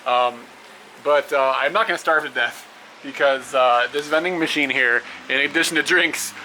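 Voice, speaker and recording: A man's voice: medium pitch, normal speed, sharp tone, poor audio. A young man talking casually to his camera outdoors, rambling with fillers and laughing often. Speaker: travel vlogger. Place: outdoors by roads and rest stops. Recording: outdoor camera audio with clear traffic noise.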